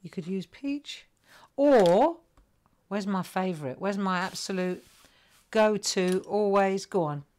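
A woman's voice: medium pitch, expressive, measured pace. A middle-aged woman hosting a live crafting tutorial, chatting to viewers and thinking aloud as she colours. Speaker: craft host.

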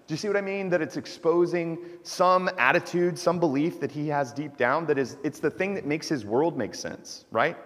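Conversational preacher in a reverberant church. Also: male voice, fairly high pitch, expressive, normal speed, a bit bright. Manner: conversational preaching with frequent "right?" asides. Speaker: pastor. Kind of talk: sermon. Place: church sanctuary.

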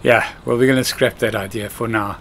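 A man's voice: mid-range voice, fairly even intonation, a little fast, fairly bright tone, a little hiss or hum. A man giving casual commentary while playing a farming game, chatting to himself and scolding the computer-driven workers. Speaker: let's play host.

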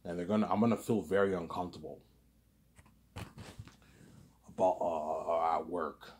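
A man's voice: low voice, moderate pace, darkish tone. A young man talking casually to the camera in a rambling, repetitive monologue full of swearing. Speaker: vlogger.

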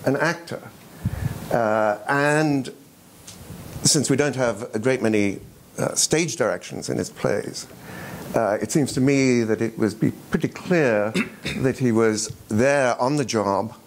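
A man speaking as a panelist at a roundtable discussion, measured and hesitant, with frequent pauses and uhs. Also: medium pitch, a little hiss or hum.

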